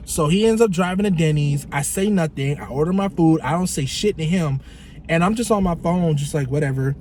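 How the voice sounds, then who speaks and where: A man telling a story in a casual vlog, animated and profane, imitating his friend in shifting voices. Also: on the high side, a little fast, slight background noise. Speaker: vlogger.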